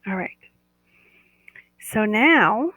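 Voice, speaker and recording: A woman's voice: mid-range voice, expressive, very slow, bright, forceful tone, no room sound, low-quality recording. A woman who leads a guided body-awareness meditation live, talking in a soothing, coaxing way and often repeating "that's right.".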